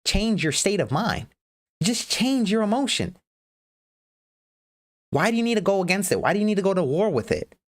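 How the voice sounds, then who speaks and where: A woman's voice: medium pitch, big pitch swings, moderate pace, long pauses. A woman livestream host giving a blunt, profane motivational rant.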